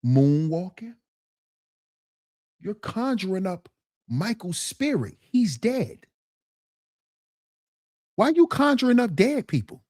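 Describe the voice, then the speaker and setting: A woman streamer giving a ranting commentary, animated and mocking, repeating her points and laughing through them. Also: mid-range voice, takes it slowly, pauses often, no echo, studio quality.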